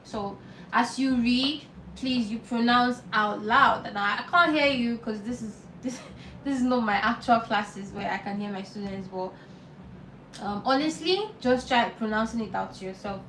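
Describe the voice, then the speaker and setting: A woman teaching a live online beginner lesson, patient and repeating words slowly for learners. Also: a little high, a bit bright, reverberant, far from the mic, slight background noise, poor audio. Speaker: language teacher.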